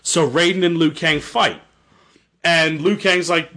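A man's voice: fairly high pitch, steady tone, measured pace, bright, forceful tone. A young man casually retelling a story, rambling, swearing and correcting himself. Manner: rambling, profane, self-correcting. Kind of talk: casual chat.

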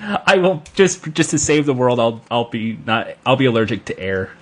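A man's voice: mid-range voice, big pitch swings, moderate pace. A man riffing goofily in a casual comedy podcast chat. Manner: goofy, riffing on jokes.

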